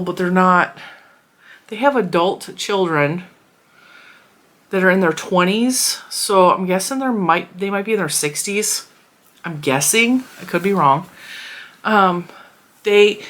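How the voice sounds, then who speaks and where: A woman in her thirties vlogging in a casual, rambling way, her voice sitting a little low. She talks straight to her viewers with lots of fillers and self-corrections. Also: fairly bright tone. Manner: chatty, rambling, with frequent fillers and restarts. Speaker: crochet vlogger. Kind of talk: casual chat.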